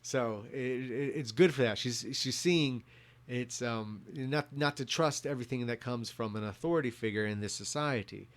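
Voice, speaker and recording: A man's voice: medium pitch, moderate pace, no echo. A man in his thirties giving a drunken, rambling rant as a vlogger, swearing and restarting his sentences often. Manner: profane, rambling, many restarts.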